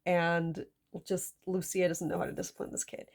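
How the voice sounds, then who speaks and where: A woman's voice: fairly low pitch, monotone, normal speed, gravelly, whispered. A woman telling a character's backstory in a casual, rambling chat. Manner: rambling, lots of fillers and restarts. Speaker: video creator discussing a character.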